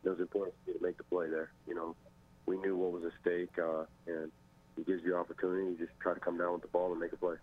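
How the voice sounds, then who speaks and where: A young male football player giving modest, measured post-game interview answers over a phone line. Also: sits low, monotone, slightly rough. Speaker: football player, wide receiver.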